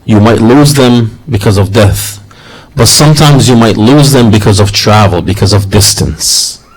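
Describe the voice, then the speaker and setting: A man's voice: fairly low pitch, moderate pace, breathy edge, low-quality recording. Earnest male preacher, repetitive cadence. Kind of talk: sermon.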